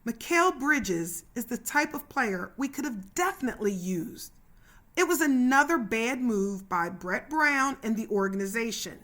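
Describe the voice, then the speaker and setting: A woman's voice: on the high side, bright, forceful tone. A woman hosting her own podcast, narrating a scripted story in a chatty way and calling her listeners "y'all". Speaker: podcast host.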